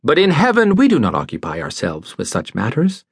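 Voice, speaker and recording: A man narrating a classic novel as an audiobook, measured and expressive. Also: mid-range voice, gravelly, breathy edge, no room sound, clean studio sound.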